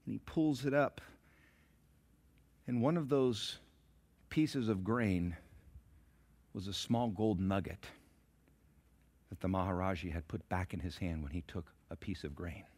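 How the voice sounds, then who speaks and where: A man preaching a sermon in a church, telling a story dramatically and swinging from hushed to loud. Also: low-pitched, unhurried, pauses often. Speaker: pastor. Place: church sanctuary.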